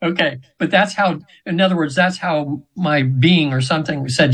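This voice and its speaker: A man's voice: fairly high pitch, fairly even intonation, moderate pace, a bit bright, husky, rough recording. A man in his seventies, a radio show guest, telling a spiritual story in an earnest, meandering way with frequent restarts. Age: 70s.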